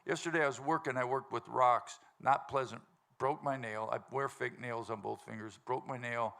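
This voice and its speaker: The band's singer, who also hosts this live music show, jokes and rambles with a laughing crowd in casual stage banter, laughing often. His medium-pitched voice is gravelly, bright, and forceful, with fairly even intonation at a moderate pace.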